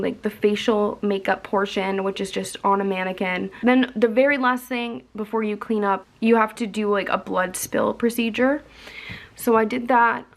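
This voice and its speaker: A young woman telling a candid, profane story in a casual vlog. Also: fairly high pitch. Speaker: vlogger.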